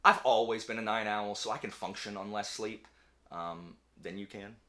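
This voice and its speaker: Young male host, casual and animated, bright voice, prone to rants. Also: lowish voice. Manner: animated, ranting, quick asides. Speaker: channel host; teacher. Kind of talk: casual chat.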